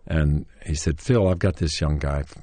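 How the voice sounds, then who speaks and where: A man's voice: extremely low pitch, moderate pace, dark tone, dry recording. An older man with a Tennessee accent telling a long, rambling story about his early acting days, full of restarts and chuckles, who acts out quoted lines in a livelier voice. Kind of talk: anecdotal storytelling interview.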